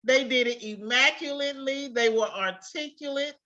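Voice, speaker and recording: Woman teacher, young adult, high voice, warm praise, laughs a lot; muffled call audio. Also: normal speed. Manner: effusive, grateful, laughs often. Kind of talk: online class closing remarks. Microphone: video call.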